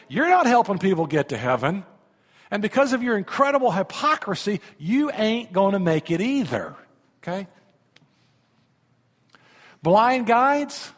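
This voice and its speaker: Fifties male pastor, high voice, animated sermon, stumbles and repeats words, echoing hall. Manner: animated, conversational preaching with repeated words and questions to the listeners. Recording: long reverb of a large hall.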